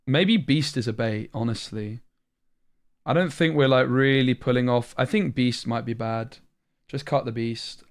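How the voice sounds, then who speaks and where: A young British man streaming a card game, thinking aloud in a chatty way, tired after a long session. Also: medium pitch. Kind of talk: live-stream commentary while playing a card game.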